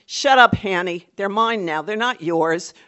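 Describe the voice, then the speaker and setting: A woman's voice: mid-range voice, measured pace, a bit bright, lo-fi sound, close to an everyday voice. A woman voicing a bratty older brother who talks back defiantly. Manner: sulky, defiant.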